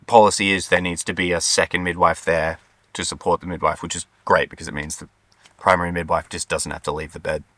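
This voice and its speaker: Brief: young Australian man, low voice with a bright, forceful edge, heartfelt vlog storytelling, dry sound. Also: dry recording. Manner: earnest, heartfelt, many ums. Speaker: vlogger co-host. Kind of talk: personal storytelling.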